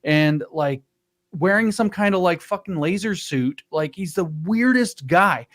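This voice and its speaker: A man in casual podcast chat, ranting in an animated, mocking way and swearing freely. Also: high-pitched, unhurried. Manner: animated, profane, mocking rants. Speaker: podcast panelist.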